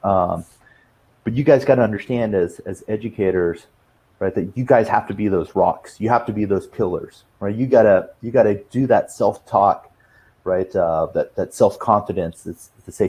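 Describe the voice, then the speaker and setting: A man with a very low, dark voice gives advice on a panel. He rambles loosely, leaning on fillers and checking in with "right?" between thoughts. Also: normal speed. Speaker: webinar panelist. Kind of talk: conversational advice talk.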